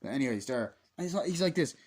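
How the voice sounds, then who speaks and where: A man's voice: fairly high pitch, lively intonation, very fast, darkish tone. A man giving an unscripted movie review in a rambling way, swearing a lot and using many fillers. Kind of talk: casual, unscripted spoken review.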